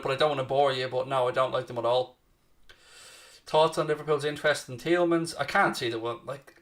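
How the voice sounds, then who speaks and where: With a medium-pitched, slightly bright voice, a man hosts a football watchalong. He calls the play and casually answers messages from viewers in the chat.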